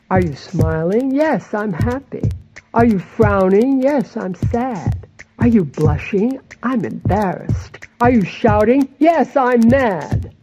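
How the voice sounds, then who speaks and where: A woman chanting rhythmic grammar lines for an English lesson in a bouncy, sing-song way. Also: mid-range voice. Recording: lo-fi audio with faint music.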